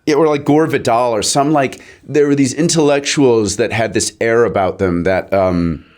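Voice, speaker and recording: A man's voice: mid-range voice, moderate pace, a little mellow. Chatty man rambling as a podcast guest. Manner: rambling, searching for words mid-sentence. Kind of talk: casual chat.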